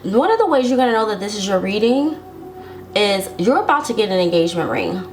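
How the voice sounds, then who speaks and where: A woman's voice: mid-range voice, very animated, a little fast, faint music behind. A woman giving a casual tarot love reading to her viewers, sassy and chatty, laughing often and talking straight to them. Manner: speaks directly to viewers, reassuring. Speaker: tarot reader.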